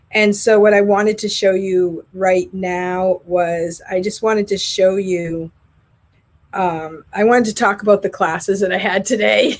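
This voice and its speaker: A woman who teaches English online, chatting casually and telling rambling stories about her classes. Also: mid-range voice. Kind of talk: casual vlog chat.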